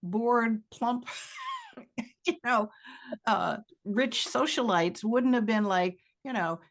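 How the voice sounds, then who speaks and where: A woman fan panelist on a video call, speaking in a wry, animated way and laughing at her own ideas. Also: a little high, takes it slowly. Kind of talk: casual video-call chat.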